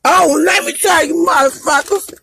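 A man playing a self-pitying gay man who wails, cries and shouts melodramatically in a live-stream comedy bit. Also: extremely high pitch, measured pace, dry recording, exaggerated voice, low-quality recording. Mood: wailing. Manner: wailing, crying, melodramatic shouting.

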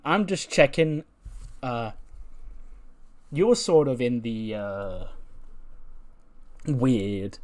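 A man's voice: mid-range voice, very slow, pauses often, a little mellow. A man doing an awkward stumbling young wrestler. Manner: hesitant, stumbling.

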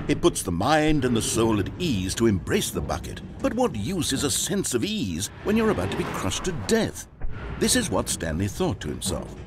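An actor playing a wry, omniscient male game narrator, speaking in measured, mock-grave tones. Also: medium pitch, background noise.

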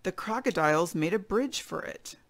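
A woman voicing an angry male wild boar in a children's storybook reading, shouting excitedly. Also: fairly low pitch, normal speed. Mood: alarmed.

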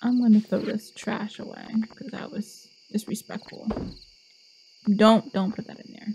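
A woman's voice: medium pitch, fairly even intonation, unhurried, vocal fry, a little mellow, slight background noise. A young woman giving casual, chatty commentary while playing a game, often scolding the characters on screen. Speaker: gameplay streamer.

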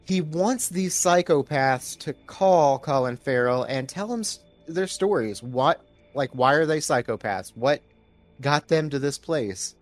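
A man's voice: a little high, lively intonation, a little slow, soft background music. A man co-hosting a casual movie podcast, recapping scenes in a laid-back way with some swearing. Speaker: podcast co-host. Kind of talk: casual movie review chat.

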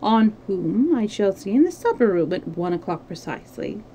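Lady reading a cold sly french agent guy, quiet and placid, mellow tone. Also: mid-range voice, sing-song, moderate pace, slight background noise, lightly acted, low-quality recording.

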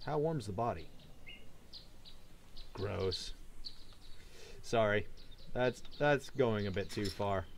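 A man giving playful, jokey let's play commentary with sudden excited shouts. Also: lowish voice, slow, gravelly, pauses often, slight background noise. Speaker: gaming channel host.

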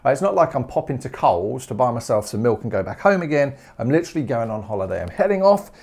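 A man teaching maths in a humorous video lesson, jokey and animated, firing off rhetorical questions. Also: medium pitch, quick pace, creaky, husky.

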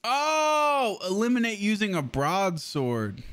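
Excitable man streaming a game. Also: mid-range voice, brisk. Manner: excitable, swears a lot, laughs often. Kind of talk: casual gameplay commentary.

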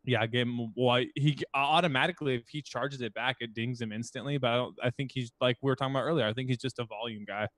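A man's voice: mid-range voice, fairly even intonation, fast, hardly any pauses, fairly bright tone, no echo. A man co-hosting a comedy podcast, telling an anecdote casually and laughing as he goes. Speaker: podcast co-host.

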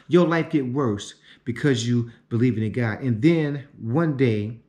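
A man delivering a profane, repetitive ranting monologue, swinging from shouting to muttering. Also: mid-range voice. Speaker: online commentator. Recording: roomy echo.

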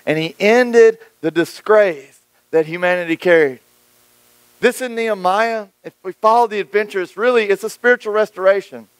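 A man preaching a sermon as pastor, moving between hushed, low passages and raised, excited ones, and acting out the voices of the people he quotes. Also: normal speed, smooth, no echo, rough recording. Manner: dynamic preaching with wide swings between hushed and raised delivery; acts out quoted voices of church folk and critics.

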